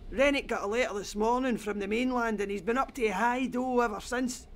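A woman's voice: fairly high pitch, brisk, lightly acted. A wry, grumbling rig worker, voiced by a woman, in a video game. She talks in a coarse, complaining way, full of swearing, and stays dry and wry throughout.

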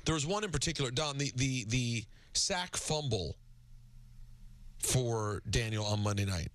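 A man's voice: mid-range voice, lively intonation, fairly bright tone. A man co-hosting sports talk radio in a casual, agreeable way, often restarting his sentences. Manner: easygoing, agreeable, halting.

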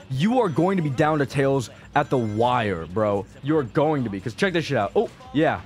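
A man's voice: medium pitch, sing-song, moderate pace, few pauses. A young man giving casual, profane gameplay commentary as a video creator, rambling and frustrated, dropping to mutters and then bursting out. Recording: faint game music behind.

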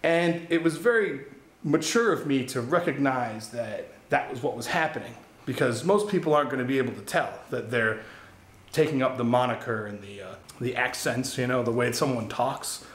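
A man rambling candidly to camera in a gaming vlog, his voice at an ordinary middle pitch. He swears casually and wanders between thoughts. The room around him is bare and echoey. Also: moderate pace, a bit bright. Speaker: gaming YouTuber.

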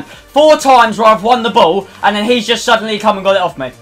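A young man commentating his own football video game match, swinging between low muttering and swearing, shouting outbursts. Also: moderate pace, hardly any pauses, faint music behind. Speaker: gaming YouTuber. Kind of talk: live gameplay commentary.

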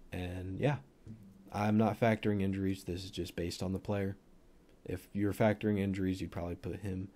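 A man's voice: lowish voice, warm tone. A man giving a casual, rambling screen-share breakdown of football prospects, full of fillers and offhand asides. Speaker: football draft analyst.

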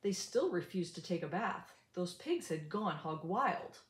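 An older woman reading a rhyming picture book aloud in an animated, sing-song way. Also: fairly low pitch, measured pace, hardly any pauses, echoey room. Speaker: storybook reader.

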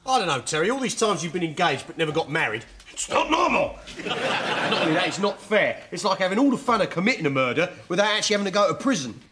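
A man's voice: high voice, very animated, fast, very noisy. A man playing a blustering, sardonic pub landlord.

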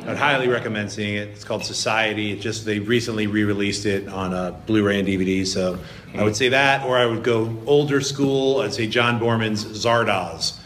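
A man's voice: fairly low pitch, normal speed, a crowd in the background. A man chatting casually as a guest on a convention stage panel, enthusiastic and profane, joking freely as he recommends things. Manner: enthusiastic, profane film buff who jokes freely.

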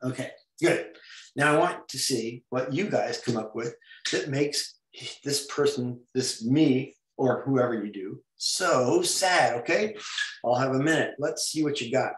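Playful man, mid-pitched, teaching comics over a video call, adds silly noises while drawing, echoey room. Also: measured pace. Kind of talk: online drawing lesson.

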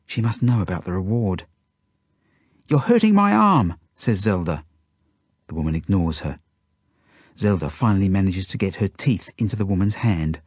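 A man's voice: on the low side, darkish tone, breathy edge, dry recording, studio quality. A man reading his own book aloud, telling it earnestly in the first person. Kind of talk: audiobook narration.

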